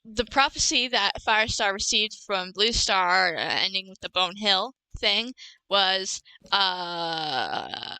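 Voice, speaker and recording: A young woman hosts a casual podcast, retelling a book's plot with lots of restarts and little giggles. Her voice is bright and smooth, and the sound is dry and close. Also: mid-range voice, takes it slowly, dry recording, low-quality recording. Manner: rambling, self-correcting, giggly. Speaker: podcast host. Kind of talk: casual book recap chat.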